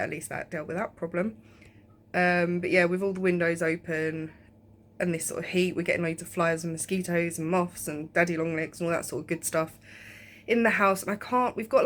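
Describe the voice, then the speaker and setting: A woman's voice: lowish voice, fairly bright tone. A young woman chatting casually in a home vlog, rambling with lots of ums. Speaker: vlogger. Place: home, indoors.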